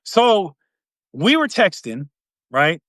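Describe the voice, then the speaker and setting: Man, slightly high voice, animated storyteller, dry close mic. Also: takes it slowly, no echo. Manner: animated, acts out quotes with swings in pitch and volume. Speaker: podcast host. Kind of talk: casual storytelling.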